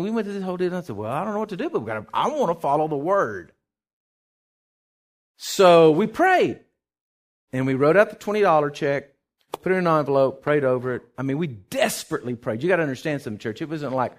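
A middle-aged pastor preaching a sermon, telling a personal story with acted-out quotes and sudden shouts. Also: male voice, a little high, big pitch swings, quick pace.

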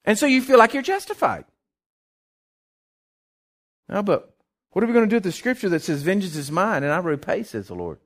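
A man preaching a sermon, impassioned, rising loud then dropping soft, often restarting his words. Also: high-pitched, big pitch swings, brisk, pauses often.

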